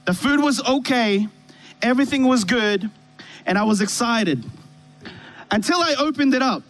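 A man's voice: sits high, a bit bright, rough recording. A man preaching a conversational sermon from a church stage, telling a personal story and asking the congregation rhetorical questions. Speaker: pastor. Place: church stage with a worship band. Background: faint keyboard pad music.

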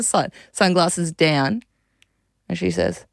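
A woman's voice: lowish voice, unhurried, vocal fry, no room sound, clean studio sound. A woman in her thirties with an Australian accent, hosting a casual radio chat, telling stories animatedly and laughing often. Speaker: radio host. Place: radio studio. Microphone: studio mic.

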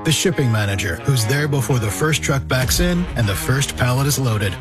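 A man narrates a commercial as a short story, steady and earnest. His pitch sits in the middle for a man. Plucked guitar music plays behind him. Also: normal speed.

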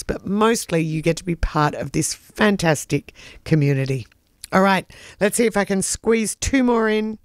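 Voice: mid-range voice, no echo, studio quality. A community radio DJ, back-announcing records and reading out long lists of thank-yous in a chatty, enthusiastic way. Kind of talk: radio show back-announcing and shout-outs. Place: radio studio. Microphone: close studio mic.

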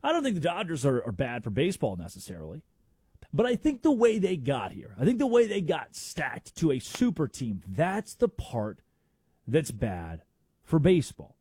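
A man's voice: a little high, wildly swooping pitch, moderate pace, warm tone, breathy edge, dry recording, clean studio sound. A man hosting a sports talk radio show, making emphatic arguments with rhetorical questions.

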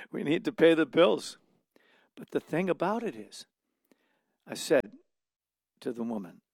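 A man preaching a radio sermon, telling a story, dropping to a hush and then rising to emphatic points. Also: medium pitch, no room sound, clean studio sound. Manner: storytelling, swinging from hushed to emphatic.

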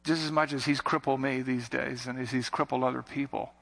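Impassioned preacher in a reverberant hall. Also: male voice, medium pitch, steady tone, brisk, vocal fry, a bit bright. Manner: impassioned preaching with rising emphatic repetitions. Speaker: pastor. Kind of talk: sermon.

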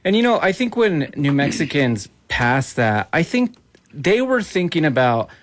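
A man's voice: a little high, very animated, unhurried. A man hosting an interview, chatting in a casual, agreeable way. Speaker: interview host. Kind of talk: conversational interview.

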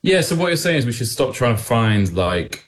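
A man's voice: medium pitch, sing-song, moderate pace, a little hiss or hum. A man with an English accent, a touring musician guest, chatting in a dry, joking, rambling way. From England. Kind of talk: casual interview chat.

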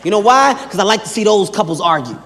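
Brash high-voiced stand-up man. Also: lively intonation, fast, a bit bright. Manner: brash, profane, acts out scenes. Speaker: stand-up comedian. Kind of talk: stand-up comedy. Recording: reverberant venue with crowd.

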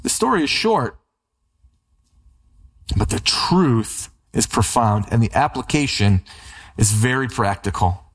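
A man preaching a sermon as a pastor, building emphatic runs and slowing on key lines. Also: medium pitch, big pitch swings, fairly bright tone, breathy edge.

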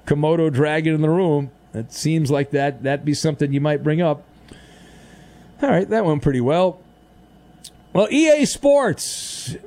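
Radio host, male, slightly higher voice, playful and mock-serious, swings his pitch up and down. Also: darkish tone. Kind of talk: late-night radio talk.

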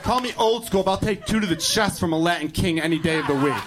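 A man's voice: high-pitched, fast talker, noisy background. A man performing a stand-up set, brash and profane, acting out both sides of a story. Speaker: stand-up comedian.

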